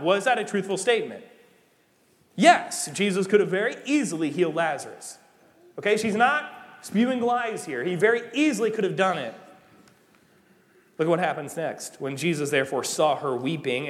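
A young man preaching a sermon in a lively, conversational way, rising to emphatic peaks. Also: fairly high pitch. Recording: long hall reverb.

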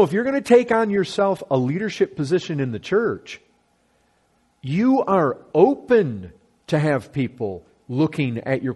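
A man delivers an earnest sermon as a pastor, repeating phrases and climbing in pitch to stress each point. His voice has a husky edge. The melody is animated, rising and falling widely as he preaches.

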